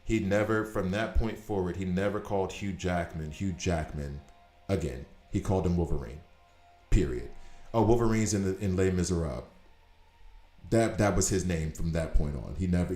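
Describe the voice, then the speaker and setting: A man streaming a game, chatting casually and telling rambling, animated stories. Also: sits low. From United States. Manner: animated storyteller, rambling tangents. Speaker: gaming streamer. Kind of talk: casual chat while gaming. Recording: echoey room.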